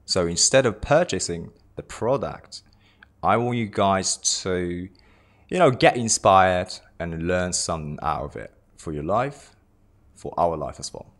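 A deep, animated voice unhurriedly carries this casual self-introduction from a Japanese lifestylist in his twenties. His English has a British tinge over his native Japanese, and he rambles loosely about himself with repeated words and jokey asides.

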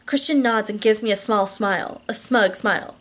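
A woman's voice: mid-range voice, normal speed. A woman reading a romance novel aloud, with frequent restarts and slips. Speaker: audiobook reader.

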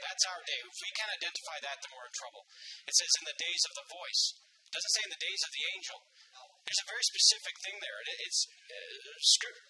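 A man's voice: extremely high pitch, sharp tone, low-quality recording. A man preaching a sermon with fervor, repeating phrases for emphasis and punctuating with "amen" and "right?". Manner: calls out "amen" and asks "right?".

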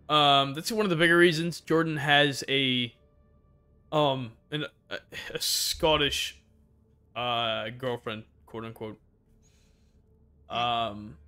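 A man's voice: mid-range voice, pushed and bright. Tipsy rambling young man. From United States. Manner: rambling, tipsy, swears freely. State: drunk. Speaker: gaming streamer. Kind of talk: casual chat while gaming.

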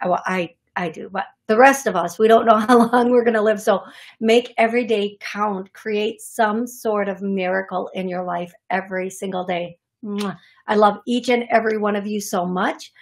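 A woman's voice: mid-range voice, gravelly. A woman hosting a call-in radio show as a psychic medium, effusive and affectionate, calling her callers "love.".

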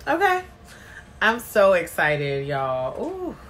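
Bright and forceful, this woman's voice sits on the high side, animated and moderately paced. As a bubbly livestream host, she chats casually, calls out viewers by name and reads their comments aloud.

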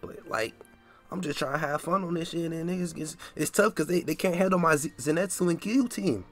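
A man's voice: on the high side, brisk, faint music behind. A young man giving casual gameplay commentary, incredulous and repeating himself with frequent stammers. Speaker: gaming video creator.

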